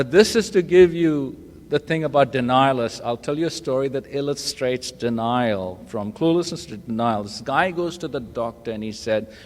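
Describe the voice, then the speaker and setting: A man giving a humorous personal testimony at a recovery meeting, self-deprecating and acting out the voices in his stories. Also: mid-range voice. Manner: self-deprecating storyteller, acts out quoted voices. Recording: live talk in a reverberant hall.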